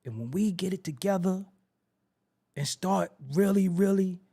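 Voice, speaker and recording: A man's voice: sits high, a little slow, creaky, dark tone. A man hosting a podcast, ranting in heated commentary, hammering phrases again and again and firing rhetorical questions. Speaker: podcast host.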